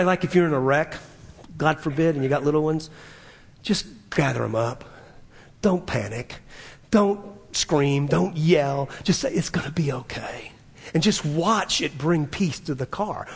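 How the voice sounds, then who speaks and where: Man, pastor mid-sermon, husky voice, earnest, swings from whispers to emphatic peaks, church hall reverb. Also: on the high side.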